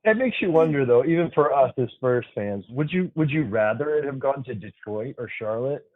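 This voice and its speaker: A man's voice: mid-range voice, animated, moderate pace, no echo. A man who works as an emergency physician, a guest on a podcast, upbeat and explaining things plainly. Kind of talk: casual podcast interview. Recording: dry, phone-like remote line.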